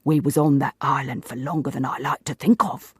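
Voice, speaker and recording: A woman voicing a meek, wheedling working-class old sailor with rough grammar. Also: very deep voice, fairly even intonation, fairly quick, no echo, studio quality, full character voice. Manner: rough uneducated grammar, pleading.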